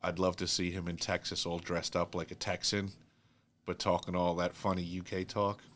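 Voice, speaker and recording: A man's voice: sits low, monotone, normal speed, a bit bright. A man from New York hosting a casual chat, telling rambling stories with lots of fillers and easy laughter. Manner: rambling storyteller, laughs easily, many fillers. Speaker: host.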